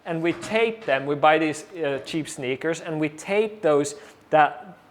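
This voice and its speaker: Male guest, somewhat high voice, animated storyteller who acts out the people in his story. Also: measured pace. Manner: animated, acts out quoted voices, many fillers. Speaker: interview guest. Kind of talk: casual storytelling.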